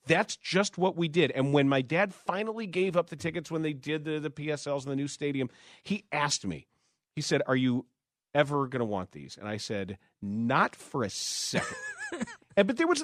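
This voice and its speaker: A man hosting a sports radio talk show, chatting in an animated way, laughing often and restarting his sentences. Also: on the high side, no room sound, clean studio sound.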